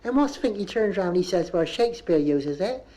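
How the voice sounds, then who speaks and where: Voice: medium pitch, expressive, moderate pace, dark tone, close to an everyday voice. A comic performer voicing a rambling Bristol housewife and mum who keeps scolding her dog, on a 1970s comedy record. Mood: indignant.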